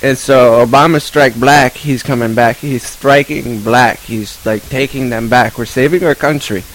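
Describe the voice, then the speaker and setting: A man plays an unhinged rock guitarist who rambles and stumbles through absurd stories in a mid-pitched, ordinary voice. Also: steady tone, measured pace, slight background noise, lightly acted, low-quality recording. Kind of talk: improvised comedy interview.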